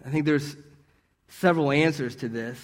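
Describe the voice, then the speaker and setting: Higher-voiced man preaching conversationally. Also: moderate pace. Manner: asks rhetorical questions and checks in with "right?"; storytelling with brief restarts. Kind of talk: conversational sermon.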